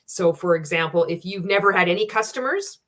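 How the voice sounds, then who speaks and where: A woman's voice: on the low side, animated, brisk, fairly bright tone. A woman giving a sarcastic, profane reaction rant as a video commentator, blunt and scornful.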